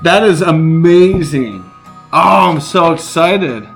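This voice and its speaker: A middle-aged man filming a casual unboxing vlog, exclaiming with excitement as he opens a gift box. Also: a little high, slow, vocal fry, soft background music. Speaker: vlogger.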